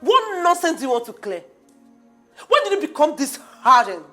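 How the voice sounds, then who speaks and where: A scolding, incredulous friend. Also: female voice, sits high, sing-song, normal speed, bright, forceful tone, faint music behind, exaggerated voice. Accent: Nigerian. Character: disappointed young woman, scolding friend.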